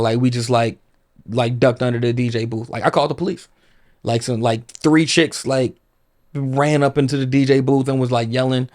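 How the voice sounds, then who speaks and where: A man's voice: mid-range voice, darkish tone. A man guest on a podcast, telling stories in a rambling casual way, full of "like" and swearing.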